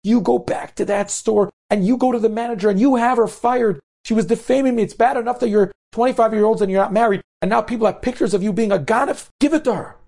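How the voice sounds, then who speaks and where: A man's voice: sits high, fast, gravelly, hardly any pauses, a little mellow, pitched above the performer's own voice. A man doing a distraught, indignant mother. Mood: furious. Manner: pleading, raised, urgent.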